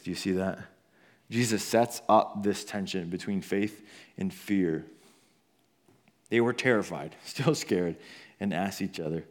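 Animated man preaching a sermon. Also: normal speed. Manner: animated storytelling, acting out quotes with big swings in pitch and volume; conversational asides to the congregation. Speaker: pastor.

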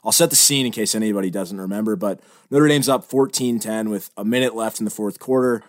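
A man interviewing a guest, setting the scene with a measured, detailed question. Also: on the low side, no echo, studio quality.

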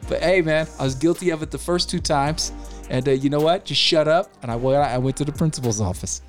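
A man's voice: a little high, a little fast, soft background music. A man co-hosting a podcast in casual chat, a rambling storyteller who likes to talk. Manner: rambling storyteller, animated impressions. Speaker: podcast co-host.

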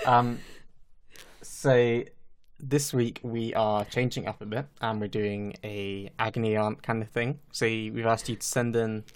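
Speaking over a remote call on his own microphone, a podcast co-host jokes and swears freely while eating during casual chat. His voice is lowish, clear and resonant, with fairly even intonation and a slow pace.

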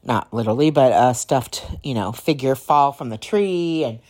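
A woman hosting a podcast, telling stories in a casual, rambling way, slightly hoarse and clearing her throat now and then. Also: very deep voice, expressive, normal speed, a little mellow. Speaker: podcast host. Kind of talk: casual storytelling.

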